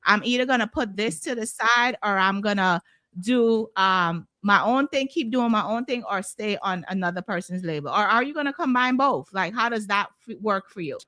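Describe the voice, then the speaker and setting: Bright, chatty woman host. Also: mid-range voice, lively intonation, moderate pace, no echo, studio quality. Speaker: interview host. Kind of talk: casual interview chat.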